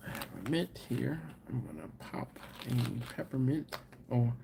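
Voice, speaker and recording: A man's voice: medium pitch, unhurried, vocal fry, background noise. A man hosting a live stream, casually chatting and reading viewer comments with easygoing chuckles. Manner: laid-back, chuckling, chatty asides to viewers.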